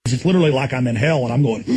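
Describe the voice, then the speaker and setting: A man hosting a talk show, ranting erratically and suddenly exploding into shouts, speaking from a studio full of electronics. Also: mid-range voice, husky.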